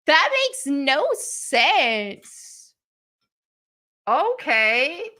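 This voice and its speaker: A woman's voice: high voice, big pitch swings, extremely slow, sharp tone. A woman hosting a live show, giving blunt, sarcastic commentary while reading from articles. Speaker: livestream show host.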